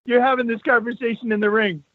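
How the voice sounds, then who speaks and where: A man's voice: extremely high pitch, fairly even intonation, fast talker, no echo. A man hosting a podcast, asking his guest short follow-up questions. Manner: short prompting questions, laughs along. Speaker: podcast host. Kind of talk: interview questions. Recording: dry, phone-like narrow sound.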